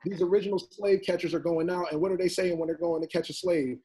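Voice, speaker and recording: Impassioned man with a husky voice. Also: sits high, fairly even intonation, quick pace, dark tone, low-quality recording. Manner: impassioned, acts out voices in quotes. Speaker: panelist. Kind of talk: panel discussion. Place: Los Angeles.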